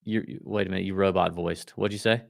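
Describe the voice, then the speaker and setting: A man co-hosting a golf betting podcast, talking in a quick, loose, joking way. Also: deep voice, fairly even intonation, vocal fry. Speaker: podcast co-host. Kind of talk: casual golf betting chat.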